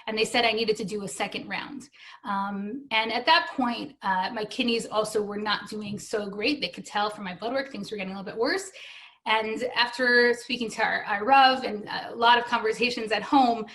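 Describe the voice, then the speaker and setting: A woman's voice: medium pitch, fairly bright tone. A woman in her thirties giving an earnest, emotional personal testimony, acting out what others said to her. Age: 30s. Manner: earnest and emotional, with acted-out quoted dialogue. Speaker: guest telling her story. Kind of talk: personal testimony at a benefit stream.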